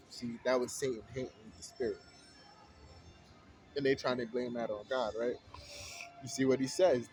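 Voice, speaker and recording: A man hosting a Bible study, reading verses aloud slowly and then explaining them in casual street talk. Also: medium pitch, steady tone, darkish tone, soft background music, rough recording.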